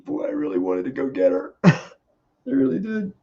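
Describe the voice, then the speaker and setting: A man giving a halting, tearful memorial tribute on a video call, laughing through his grief. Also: high-pitched, huge pitch swings, vocal fry, breathy edge, highs cut off. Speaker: grieving husband sharing memories.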